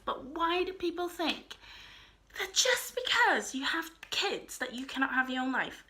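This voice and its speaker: A woman's voice: sits high, sharp tone. A young woman vlogger talking casually to camera, earnest and a little rambling.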